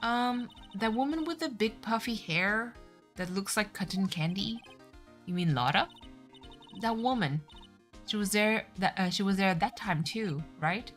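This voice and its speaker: A woman's voice: medium pitch, unhurried, a bit bright, faint music behind, natural voice. A woman voicing a cheerful, curious young female spirit medium from a courtroom game.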